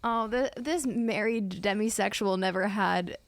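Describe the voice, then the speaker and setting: Gravelly-voiced young woman, rambling. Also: mid-range voice, measured pace, no room sound. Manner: rambling, laughing, self-deprecating. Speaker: comedian guest. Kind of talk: casual podcast chat.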